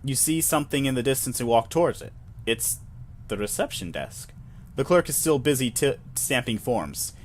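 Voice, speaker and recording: Man, solo game narrator, wry asides, mid-pitched. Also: animated, moderate pace, slight background noise. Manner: self-deprecating asides, wry. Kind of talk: reading a solo role-playing game aloud.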